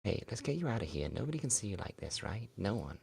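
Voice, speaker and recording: A man's voice: lowish voice, very animated, fast talker, gravelly, darkish tone, husky, voice pushed up, heavily acted. A man voicing a volatile young woman who shrilly pleads and then accuses, reading a visual novel game aloud. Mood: pleading.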